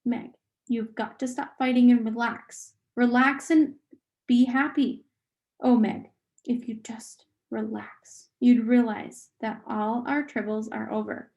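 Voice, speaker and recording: A small boy under some other mind's control, bland and reasonable, coaxing slowly in a higher voice, as a woman reads him aloud. He never loses his calm. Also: gravelly, muffled recording.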